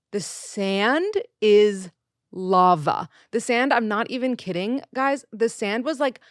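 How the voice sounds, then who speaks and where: A woman in her thirties, a podcast host, casually telling a story in an animated way and acting out the people she quotes. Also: medium pitch, no echo, clean studio sound. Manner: animated, quotes people in raised voices, swears.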